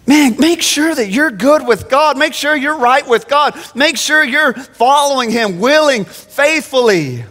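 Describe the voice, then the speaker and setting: Male pastor, high pitch, animated sermon delivery, echoing sanctuary. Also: measured pace, few pauses. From Phoenix. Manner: animated preaching with frequent restarts. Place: church sanctuary. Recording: long church-hall reverb.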